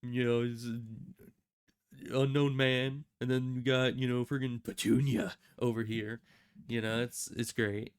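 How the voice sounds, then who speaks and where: A man's voice: mid-range voice, little pitch movement, moderate pace, a bit bright, smooth. Sarcastic man rambling over a game. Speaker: streamer. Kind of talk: casual gameplay commentary. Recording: guitar music behind.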